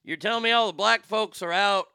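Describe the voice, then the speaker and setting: A man voicing a puzzled male character in a told joke, in a gravelly, crisp voice. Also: high voice, fairly quick, sharp tone, dry recording, clean studio sound, voice pushed up, full character voice.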